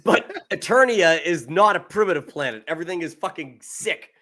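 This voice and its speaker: A young man co-hosting a casual movie podcast, excitable, swearing freely and laughing often. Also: a little high, a little fast. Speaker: podcast co-host.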